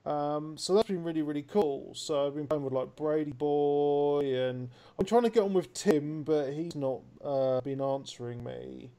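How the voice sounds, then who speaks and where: A man telling stories in casual podcast chat, lively and loose, with slang and the odd swear. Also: fairly high pitch, unhurried, few pauses. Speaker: podcast co-host.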